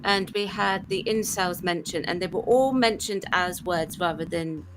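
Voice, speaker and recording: A woman co-hosting a podcast panel, talking in an animated, opinionated way. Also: on the low side, normal speed. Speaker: podcast co-host. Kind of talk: casual panel discussion. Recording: clear background noise.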